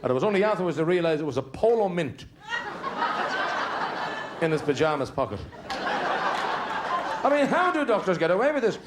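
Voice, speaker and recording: An Irish male comedian spinning rambling family yarns on stage. His voice sits a touch high, and he stumbles and restarts for timing. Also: very animated, normal speed, long pauses, a loud crowd, very noisy. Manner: chatty, digressive, stumbling restarts for comic timing. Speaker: stand-up comedian. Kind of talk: stand-up storytelling.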